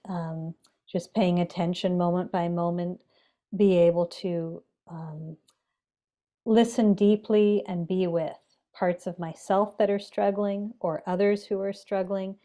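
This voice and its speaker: A woman who is a meditation teacher, speaking as a podcast guest in a measured, gentle, reflective way with pauses and fillers. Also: lowish voice.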